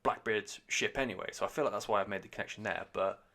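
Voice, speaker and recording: A man's voice: on the low side, fast, pushed and bright. A man hosting a podcast, giving a casual, rambling album review full of swearing, fillers and restarts. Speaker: podcast host, music reviewer.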